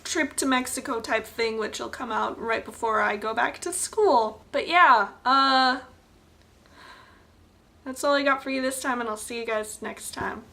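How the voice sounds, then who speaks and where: A woman's voice: a little high, a little slow, vocal fry, pushed and bright. A young adult woman ranting to camera in a resort hotel room. She sounds exasperated, swears often and rambles through restarts. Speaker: vlogger.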